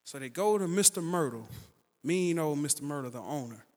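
A man preaching a sermon, telling a story in an animated way and building louder and higher toward the peaks. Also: brisk, in a large hall.

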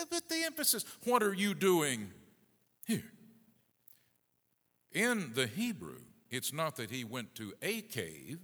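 A middle-aged male pastor preaching a sermon, swinging between booming emphasis and hushed asides. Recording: long reverb of a large hall.

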